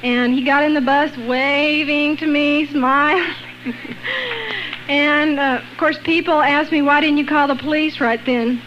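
Woman, high voice, animated testimony, acts out quotes, muffled lo-fi sound. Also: a little slow, faint music behind. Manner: lively, acts out quoted voices, laughs between lines. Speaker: guest sharing a personal testimony.

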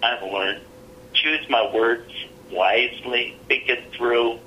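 A man's voice: medium pitch, slow pace, bright, forceful tone, dull audio, a little hiss or hum. A middle-aged man, an interview guest, telling a personal story in an earnest, plainspoken way.

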